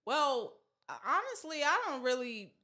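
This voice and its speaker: A woman's voice: high-pitched, sing-song, measured pace, pushed and bright. A woman in her thirties with a Southern US accent, chatting casually as a podcast guest, rambling with many fillers and restarts. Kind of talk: casual chat.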